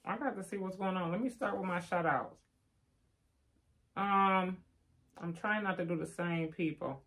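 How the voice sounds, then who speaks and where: An older woman chats casually on a live stream, reading out viewer names for shout-outs and adding teasing asides. Her voice is lowish and fairly bright, and she speaks unhurriedly.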